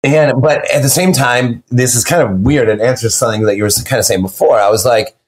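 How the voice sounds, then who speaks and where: A man, a podcast guest on a video call, telling rambling stories in an excitable way and acting out the quotes. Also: mid-range voice, brisk. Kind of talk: animated storytelling in an interview.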